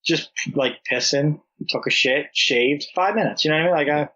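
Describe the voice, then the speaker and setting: Young guy rambling thru a story, kinda high voice, muffled lo-fi audio. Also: normal speed. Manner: rambling storyteller, animated and laughing. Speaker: podcast guest. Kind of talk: casual chat. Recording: dull lo-fi podcast audio.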